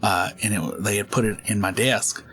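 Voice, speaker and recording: A man's voice: on the low side, fairly even intonation, normal speed, a bit bright, a little hiss or hum. A middle-aged man chatting casually while playing a game, rambling through stories and laughing often. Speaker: gaming channel host.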